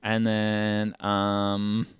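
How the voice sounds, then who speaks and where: A man's voice: on the low side, monotone, drawn-out words, smooth, no echo. A young man co-hosting a podcast, casually recapping a movie and acting out the characters' lines in silly voices. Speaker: podcast co-host.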